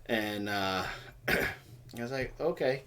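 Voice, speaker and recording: A man's voice: lowish voice, takes it slowly, bright, forceful tone. A man co-hosting a livestream, telling a story in casual chat and acting out other people's voices and sounds. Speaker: co-host of a homestead livestream.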